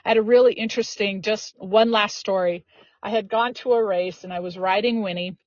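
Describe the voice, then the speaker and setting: A woman's voice: mid-range voice, a little fast, no echo. A woman guest on a podcast telling personal stories in an earnest, casual way, often saying "you know.". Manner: earnest, lively storyteller with frequent "you know". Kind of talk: casual storytelling. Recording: dull lo-fi dry audio.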